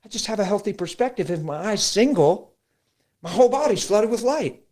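Animated middle-aged male preacher. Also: high voice, brisk. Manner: animated storytelling, acts out quotes. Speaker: pastor guest. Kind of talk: conversational preaching.

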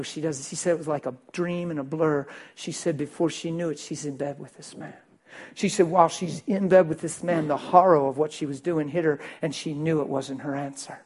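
Male pastor, fairly high husky voice, animated sermon storytelling, drops to a hush then bursts out loud. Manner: animated, swings between loud and hushed.

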